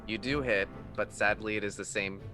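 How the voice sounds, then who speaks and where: A man's voice: on the low side, fairly even intonation, moderate pace, bright, forceful tone. A man narrating as game master for a tabletop game, casual and profane, laughing often. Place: live stream. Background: music.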